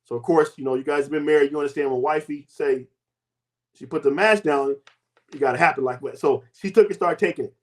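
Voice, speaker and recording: This man, a host and health coach in his fifties, shares a personal story a little quickly. His delivery is emphatic, sweeping widely in both pitch and loudness.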